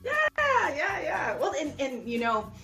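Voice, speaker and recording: Bubbly high-voiced woman podcast host. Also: unhurried, soft background music, rough recording. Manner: bubbly, excitable, laughs often. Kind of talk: enthusiastic interview chat.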